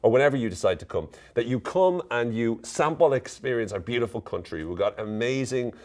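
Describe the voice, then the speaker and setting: A man's voice: medium pitch, expressive, a little fast, music in the background. An Irish man from Ireland talking playfully to camera in a casual explainer, now and then acting out little exchanges. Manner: playful, acts out short exchanges in a put-on voice. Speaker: vlogger.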